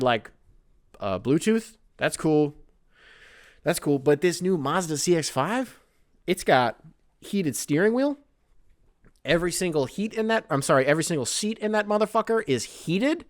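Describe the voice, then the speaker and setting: A man in his thirties hosting a podcast, rambling through a comedic monologue with lots of profanity. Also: fairly high pitch. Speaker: podcast host.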